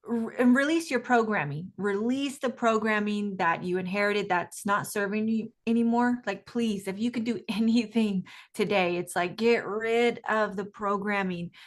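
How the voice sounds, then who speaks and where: A woman's voice: mid-range voice, moderate pace, hardly any pauses. A woman guest coach speaking energetically in an interview, emphatic and often laughing. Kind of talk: enthusiastic interview talk.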